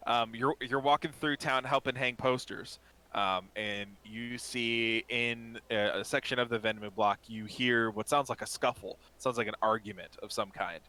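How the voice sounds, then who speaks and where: A man's voice: medium pitch, fairly even intonation, normal speed, sharp tone. A man narrating as game master in a casual, filler-heavy way.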